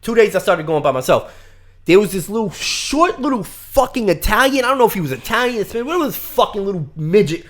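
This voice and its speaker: A young man from Brooklyn, co-hosting a casual podcast and telling a long, profane story with big swings between low mutters and loud outbursts. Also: big pitch swings, quick pace. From Brooklyn, New York.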